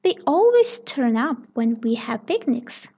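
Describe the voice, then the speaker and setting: A woman voicing an excited little girl piglet, high and eager, on a dull lo-fi recording. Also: unhurried, breathy edge, full character voice.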